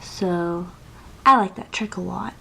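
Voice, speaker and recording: A young woman vlogger with a lowish, gravelly yet bright voice speaks slowly and forcefully as she chats through her makeup routine. Her casual tutorial talk is gushing and full of fillers, and slight background noise can be heard.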